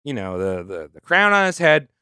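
A man's voice: mid-range voice, big pitch swings, normal speed, bright, forceful tone, clear, resonant tone, no room sound, studio quality. A man on a comedy podcast, retelling history in a loose, joking way full of "like" and "you know.". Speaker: podcast co-host telling history. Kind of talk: casual comedic history storytelling.

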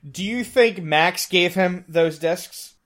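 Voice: medium pitch, slow, a bit bright. Participant, mid voice, hesitant and trailing, casual chat.

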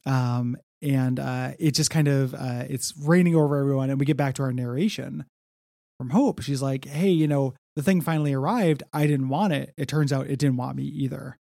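A man's voice: medium pitch, normal speed, gravelly, dark tone, no room sound, clean studio sound. A man co-hosting a casual comic book podcast, talking in a laid-back, rambling way with many fillers. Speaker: podcast co-host.

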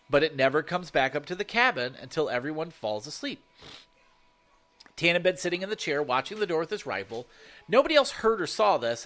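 Swearing all the way through, a man on the high side in pitch tells a first-person horror story with lively, animated energy.

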